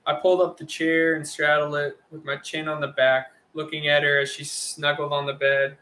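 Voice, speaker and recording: A man reads a first-person novel aloud in a bright, fairly high voice. His delivery stays level and measured, with little rise and fall in pitch. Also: flat delivery. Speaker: audiobook reader.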